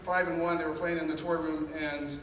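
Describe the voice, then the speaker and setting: A man speaking fairly quickly, with little pitch movement and a fairly high, fairly bright voice, offers an earnest, candid testimony about his life. He voices the anxious thoughts in his head as quotes. Heard from a distant mic in a reverberant hall, his words carry a long echo and a faint room hum.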